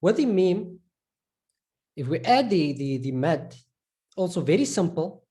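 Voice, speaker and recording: A man from South Africa with a South African accent, teaching Arabic letters to a class and repeating each sound slowly. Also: sits high, sing-song, warm tone. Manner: slow, repeats sounds and words for students. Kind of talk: live online lesson.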